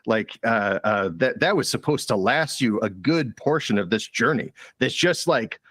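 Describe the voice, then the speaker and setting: A man narrating a tabletop role-playing game as game master, halting with many fillers and repeated words. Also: mid-range voice, expressive, fairly bright tone, no echo.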